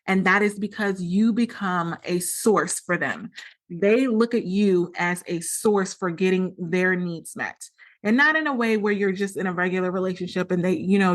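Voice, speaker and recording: A woman hosting a solo podcast, explaining earnestly and often acting out quoted dialogue. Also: lowish voice. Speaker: podcast host.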